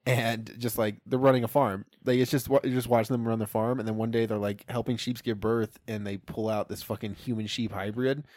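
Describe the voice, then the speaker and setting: A young man in casual chat, retelling a film plot in an animated, profane way. He laughs often and acts out the characters' lines. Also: mid-range voice, fairly quick, few pauses, no room sound, clean studio sound. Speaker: podcast co-host.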